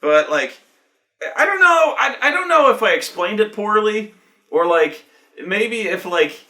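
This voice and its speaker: A man's voice: sits high, lively intonation, unhurried, sharp tone. A man who ran a tabletop game telling a story from it in a casual, profane, rambling way, with many false starts.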